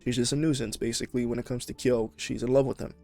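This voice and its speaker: A man's voice: medium pitch, flat delivery, fast talker, vocal fry, a little mellow, faint music behind. A man hosting a casual chat, swearing freely and acting out quotes as he retells scenes. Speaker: podcast host.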